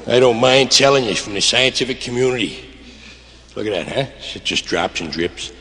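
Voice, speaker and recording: A man's voice: mid-range voice, animated, moderate pace, bright, forceful tone, slight background noise. A male comedian in a rambling, absurd stand-up monologue. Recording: long reverb of a hall.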